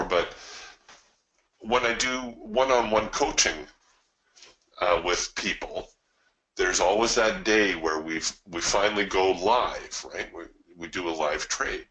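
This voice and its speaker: A man's voice: sits low, unhurried, bright, forceful tone, low-quality recording. A man hosting a live trading webinar, explaining his approach in a conversational way and telling stories to his listeners. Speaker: trading coach and webinar host.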